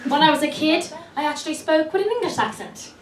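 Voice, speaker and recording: Young woman, Dublin Irish accent, stand-up comedian, chatty, laughs at own jokes, far from the mic, loud laughing crowd. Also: sits high, expressive, fast. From Ireland. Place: comedy club stage. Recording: echoey club from far off.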